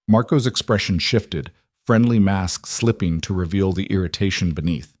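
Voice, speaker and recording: A man narrating a scripted story in a steady storytelling manner. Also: deep voice, moderate pace, no echo, clean studio sound.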